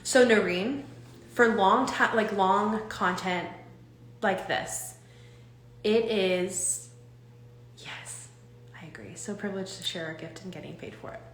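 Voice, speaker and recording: Young woman, live-stream coach, loose and animated delivery full of restarts, roomy echoey sound. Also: mid-range voice, slow, pauses often, a little hiss or hum. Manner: animated, rambling, with frequent restarts and fillers.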